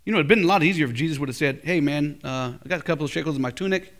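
A middle-aged male pastor preaching a sermon at a college chapel, telling stories with big swings from loud to hushed. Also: fairly high pitch, racing.

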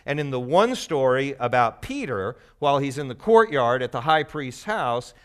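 A man leads a Bible teaching for a live group in a loose, conversational way. His pitch sits in an ordinary middle range for a man. He explains patiently and teases his listeners now and then. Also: sing-song, normal speed, clean tone. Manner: conversational and explanatory, teasing the audience.

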